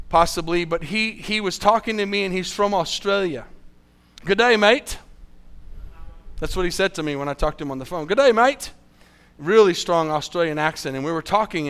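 A man preaching a sermon, earnestly asking the congregation questions and reading scripture slowly. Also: high-pitched, fairly bright tone, clear, resonant tone. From United States.

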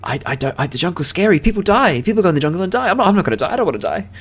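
A man's voice: medium pitch, fast, soft background music, voice pushed up, natural voice. A man voicing a nervous young male shop intern who stammers anxiously. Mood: scared.

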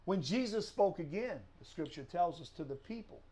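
A man's voice: high voice, animated, normal speed, dark tone, breathy edge. A man teaching a Bible study lesson, explaining step by step with rhetorical questions and a frequent tag "right?".

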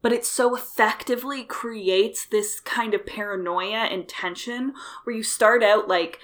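A woman with a bright, forward voice talks through a film in casual conversation. She is animated, thinks aloud and fills her pauses with likes and ums. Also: mid-range voice.

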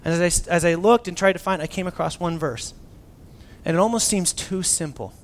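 A man preaching a casual, animated sermon as a pastor, swinging from loud emphasis down to near-whispers and acting out quotes. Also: high voice, brisk.

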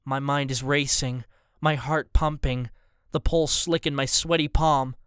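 Smooth man reading a tense story. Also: medium pitch, steady tone, a little slow, a bit bright, no echo, studio quality. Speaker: audiobook narrator. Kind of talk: first-person story narration.

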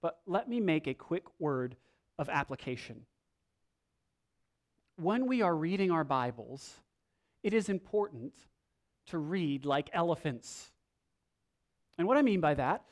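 Animated male pastor preaching. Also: fairly high pitch, measured pace, pauses often. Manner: animated, dramatic reading with acted-out quotes. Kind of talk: sermon.

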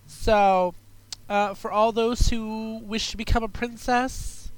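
A woman's voice: a little high, steady tone, slow, clear, resonant tone. A congested woman hosting a chatty podcast, sassy and profane, calling her listeners darlings and girls. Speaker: podcast host. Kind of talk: casual chat show monologue.

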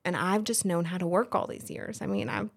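This hairstylist and salon owner in her thirties has a lowish, husky voice with big pitch swings and a brisk pace. Interviewed on a casual podcast, she shares her story frankly and chattily, reenacting past conversations and using lots of "like."

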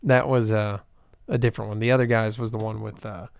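A man trading dry jokes in a relaxed podcast chat. His voice is smooth and clear at an ordinary pitch, recorded close and dry. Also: a little fast, dry recording. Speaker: podcast co-host. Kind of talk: casual chat reviewing a film.

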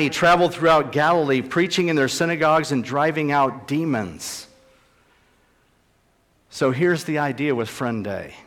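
A pastor preaching a sermon, emphatic and repeating key phrases for stress. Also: male voice, on the high side, fairly bright tone. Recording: long reverb in a large hall.

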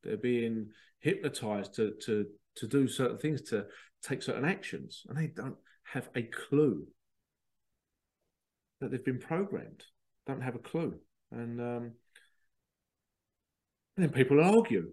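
A man's voice: mid-range voice, lively intonation, normal speed, long pauses, a little mellow. Rambling man hosting a podcast. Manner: rambling, digressive, mocks others in put-on voices. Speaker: podcast host. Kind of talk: casual spoken monologue.

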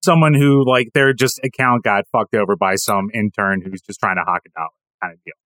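A man co-hosting a podcast, speaking bluntly and swearing casually in relaxed chat. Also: on the low side, fairly quick, no room sound. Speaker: podcast co-host.

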